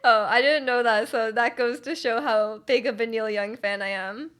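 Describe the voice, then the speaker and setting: A woman's voice: on the high side, normal speed, a bit bright, clean tone. A young woman from Canada, a streamer chatting casually with her live chat, rambling with lots of restarts and fillers and laughing often.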